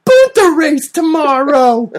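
A man putting on a young boy's voice, high and breathless with wide-eyed wonder. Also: sing-song, takes it slowly, heavily acted. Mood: awestruck. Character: squeaky excited young boy hero.

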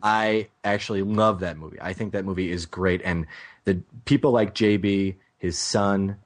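A man co-hosting a casual movie review podcast, talking in an animated, rambling way and breaking off his own sentences. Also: deep voice, normal speed. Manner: animated, rambling, self-interrupting. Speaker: podcast co-host.

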